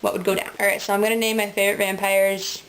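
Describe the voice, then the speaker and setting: A woman talks into her webcam in a loose, rambling way, hopping between thoughts with lots of ums and likes. She giggles often, her voice sits in an ordinary middle pitch, and a faint hiss runs under the recording. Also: level tone, fast, fairly bright tone, low-quality recording. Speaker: vlogger. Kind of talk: casual rambling monologue.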